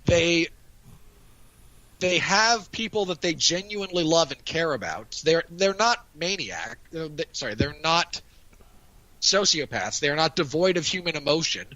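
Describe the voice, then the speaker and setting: Bright-voiced man recapping a show. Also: on the high side, a little slow, no echo, rough recording. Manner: animated recapping with laughs and quoted dialogue. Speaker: podcast co-host. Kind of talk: casual review chat.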